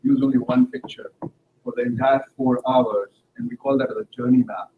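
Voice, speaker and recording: A man's voice: mid-range voice, steady tone, a little fast. A man in a class describing a workplace method. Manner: explanatory, business-minded. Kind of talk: classroom discussion. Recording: phone-like sound with faint noise.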